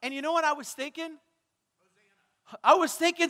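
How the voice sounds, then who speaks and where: A man preaching a sermon to his congregation on a stage microphone, quizzing them and breaking into dramatic shouts. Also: extremely high pitch, fairly even intonation, normal speed, pauses often. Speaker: pastor. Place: church sanctuary. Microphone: handheld or stage microphone. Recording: church hall reverb.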